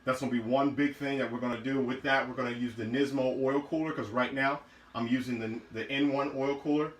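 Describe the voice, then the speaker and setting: A man's voice: mid-range voice, fairly even intonation, fairly quick, fairly bright tone, reverberant, poor audio. A man casually showing car parts in his garage, talking loosely with many fillers and restarts. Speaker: car build vlogger.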